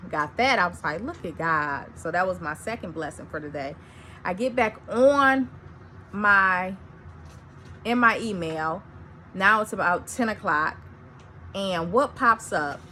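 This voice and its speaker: A woman chats at home, excitedly telling a story and playing out both sides of her conversations. She talks slowly and unhurriedly, with a bright, forceful edge to her voice. A faint hiss of background noise sits under her voice. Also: mid-range voice. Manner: excited, animated storytelling with quoted dialogue. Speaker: vlogger. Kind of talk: casual chat.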